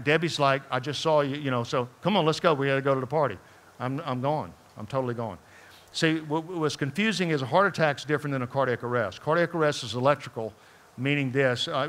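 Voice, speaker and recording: A man preaching, telling a personal story in a conversational, animated way and asking the congregation questions as he speaks to them in church. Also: a little high. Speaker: pastor. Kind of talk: storytelling sermon. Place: church sanctuary before a congregation.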